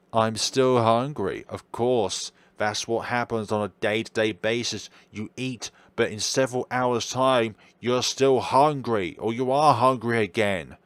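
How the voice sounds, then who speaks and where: A man voicing a sinister, hungry female monster in a horror game, speaking slowly and tauntingly. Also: fairly low pitch, dry recording, close to an everyday voice. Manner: slow, taunting and menacing. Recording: game music behind the voice.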